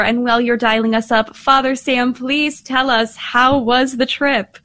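A woman's voice: fairly high pitch, fairly even intonation, unhurried, few pauses, no room sound. A woman hosting a live call-in radio show, upbeat and eager as she introduces her guest and invites calls. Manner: upbeat, eager, bright delivery. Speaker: radio host.

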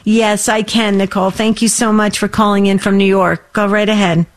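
A woman's voice: medium pitch, little pitch movement, normal speed. A woman hosting a faith-based call-in radio show, encouraging and affirming each caller.

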